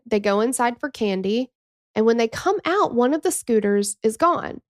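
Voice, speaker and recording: A woman's voice: a little high, vocal fry, no room sound, studio quality. Emotional chatty woman telling true crime. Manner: emotional, chatty, frequent asides and swearing; acts out quoted people in a shifting voice. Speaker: true crime podcast host. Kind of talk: casual true crime storytelling.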